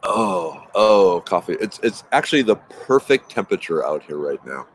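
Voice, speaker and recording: A deep-voiced man with a sing-song delivery and normal speed hosts a casual morning livestream from his backyard. Upbeat and rambling, he greets viewers by name while traffic sounds in the background.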